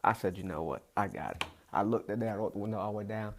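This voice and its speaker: Stand-up guy telling a story, husky gravelly low voice, acts out everybody, pitch jumps all over. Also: racing. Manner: animated storyteller acting out voices. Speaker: stand-up comedian.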